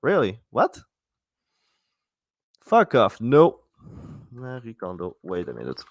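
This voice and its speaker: A man talks alone into a close podcast mic in a mid-pitched voice, rambling and cursing freely. He stops and restarts his sentences often. The sound is dry, with no room around it. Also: wildly swooping pitch, slow, no echo. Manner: rambling, profane, many false starts. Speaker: podcast host. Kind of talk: solo podcast monologue.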